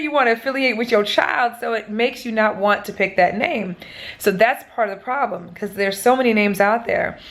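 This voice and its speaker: A young pregnant woman from the American Midwest vlogs casually to camera, chatty and blunt, with plenty of swearing and fillers. Her voice is fairly high and fairly bright.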